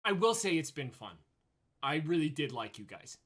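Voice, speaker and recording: A man voicing a calm, aloof female angel who speaks quietly and dryly in a tabletop game. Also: on the high side, normal speed. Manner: quiet, dry and understated.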